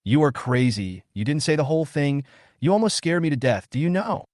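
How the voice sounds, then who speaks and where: A man's voice: medium pitch, sing-song, fairly quick, dry recording, studio quality, natural voice. A man voicing a stern young female military radio correspondent, speaking in an emphatic, scolding way.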